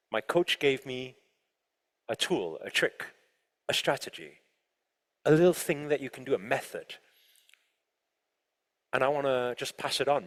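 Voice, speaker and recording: A man giving an animated motivational talk to a live audience, often asking the listeners questions. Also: mid-range voice. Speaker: motivational speaker. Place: large room with an audience. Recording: long hall reverb.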